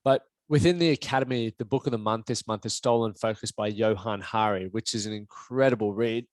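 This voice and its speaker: A man's voice: fairly low pitch, fairly quick, no echo. A young man hosting a solo podcast, talking candidly and reflectively and swearing casually. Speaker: podcast host.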